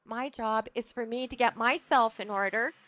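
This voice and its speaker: A woman's voice: fairly high pitch, moderate pace, fairly bright tone. A middle-aged woman, a holistic practitioner, giving an earnest, emphatic motivational talk to a live audience and often restarting her sentences.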